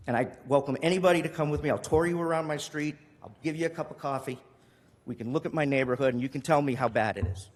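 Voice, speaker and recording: A city councilor speaking with emotion and frequent restarts during a council meeting. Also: male voice, medium pitch, long reverb tail. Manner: emotional, pleading, with restarts and repetition. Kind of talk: impassioned council meeting speech. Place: council chamber.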